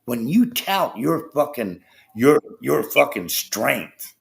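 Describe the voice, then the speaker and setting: Hosting a livestream, a man delivers a profane political rant in a medium-pitched, gravelly voice, very animated but slow. He curses nonstop while heatedly talking to the viewers in his chat.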